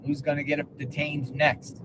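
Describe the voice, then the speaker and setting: A man's voice: a little high, completely flat delivery, measured pace. Sarcastic tired man talking from a car. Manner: sarcastic, chuckling asides. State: tired from lack of sleep. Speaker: livestream host driving around. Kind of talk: casual live commentary from a car. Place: inside a moving car. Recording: car and road noise behind. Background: vehicle noise.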